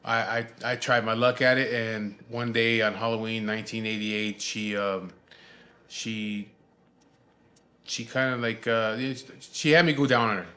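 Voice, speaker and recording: A man's voice: lowish voice, fairly even intonation, unhurried, sharp tone. A man in his forties, a show host telling a personal story in casual chat, rambling and swearing freely with many restarts. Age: 40s. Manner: rambling, profane, lots of fillers and restarts.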